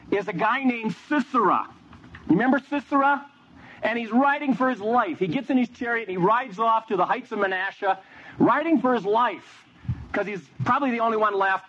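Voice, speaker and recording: Animated storytelling preacher, lo-fi. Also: male voice, high voice, breathy edge. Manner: animated storyteller, quizzes audience. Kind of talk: sermon with audience questions. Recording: dull lo-fi with faint noise.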